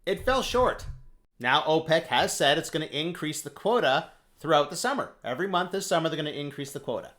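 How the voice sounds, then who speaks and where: A man giving a casual, blunt explainer monologue on finance, animated and occasionally swearing. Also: fairly high pitch, fast, hardly any pauses. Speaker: finance commentator.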